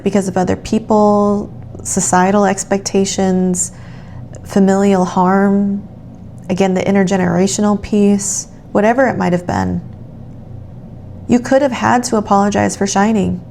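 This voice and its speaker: Woman tarot reader, unhurried and reassuring, with a gravelly edge to her voice; soft hiss in the background. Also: medium pitch, little pitch movement. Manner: gentle, affirming, speaks directly to the listener. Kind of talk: soothing channeled tarot reading.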